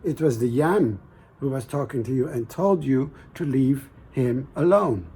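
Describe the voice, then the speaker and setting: A man voicing a talking dog who calmly explains it was the yam. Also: medium pitch, unhurried, breathy edge, exaggerated voice. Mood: matter-of-fact. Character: matter-of-fact talking dog.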